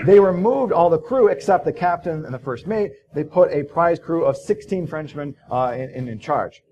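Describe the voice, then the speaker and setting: A man's voice: a little high, expressive, normal speed, dark tone, muffled recording, a little hiss or hum. A man giving a casual conference talk, telling stories in a loose, profane way with many fillers. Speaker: conference speaker. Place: conference hall.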